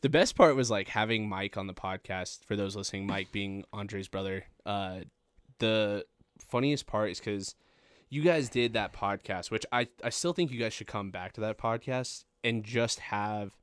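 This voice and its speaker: A young man with a fairly low voice talks loosely on a podcast, piling up filler words and the odd curse. The sound is close and dry, with no room around it. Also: normal speed, smooth, no echo. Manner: rambling, lots of fillers, profane. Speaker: podcast host. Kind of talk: casual podcast chat.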